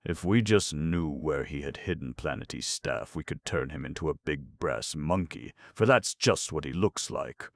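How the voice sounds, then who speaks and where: A man's voice: very deep voice, lively intonation, a little slow, few pauses, exaggerated voice. A man voicing a brave young male king, frank and matter-of-fact. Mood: plucky.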